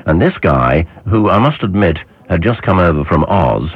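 An older man with a very deep, husky voice that rises and falls with animation as he spins anecdotes from his broadcasting days. The sound is dull and muffled, like an old radio broadcast. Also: sing-song, normal speed, no room sound. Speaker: former radio presenter. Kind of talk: reminiscing radio chat.

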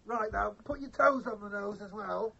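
Shrill gravelly puppet bully, gloating and whiny, for a kids' TV phone-in, dull lo-fi sound. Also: male voice, normal speed, sharp tone, full character voice. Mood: taunting. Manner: taunting, gloating, mock-sobbing. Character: boastful rude grumpy male puppet pest. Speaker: children's TV phone-in regular. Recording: dull lo-fi TV audio.

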